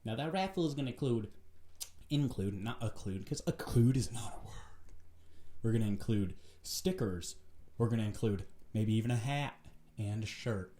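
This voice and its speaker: A man hosting his own vlog, delivering a profane, animated rant in a casual, preachy way. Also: fairly low pitch, normal speed, slight background noise. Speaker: vlog host. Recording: roomy echo.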